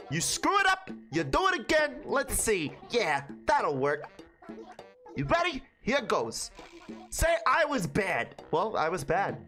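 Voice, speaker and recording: A grumpy, short-tempered male mole from a cozy life-sim game rants and scolds in a gruff tough-guy drawl, as a woman puts him on. His voice leaps all over, high and lively. Faint game music plays behind him. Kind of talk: reading game dialogue aloud in character.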